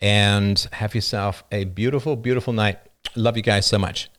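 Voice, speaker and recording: A middle-aged man hosting a live call-in philosophy show, talking with passion and emphasis, his voice a little rough. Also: fairly low pitch, fairly even intonation, normal speed, a bit bright. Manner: passionate and emphatic, reads chat messages aloud. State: slightly rough voice.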